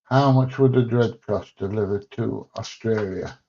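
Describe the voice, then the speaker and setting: A man's voice: on the low side, measured pace, vocal fry, mellow. An English man hosting a livestream from home, chatting casually and bluntly as he reads viewer comments, joking and swearing mildly. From England. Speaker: livestream host. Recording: dull lo-fi stream audio.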